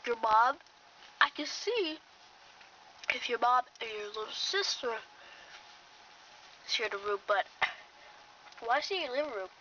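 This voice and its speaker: A woman's voice: on the high side, expressive, unhurried, long pauses, bright, forceful tone, recorded from a distance. A woman acting out a homemade story, voicing several characters in bickering, teasing dialogue. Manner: plays back-and-forth dialogue, bickering and teasing. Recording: dull lo-fi home recording with faint noise.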